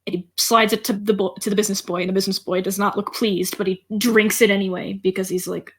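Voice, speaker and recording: A woman's voice: mid-range voice, fairly even intonation, moderate pace, fairly bright tone. A woman narrating as game master in a playful, giggly way.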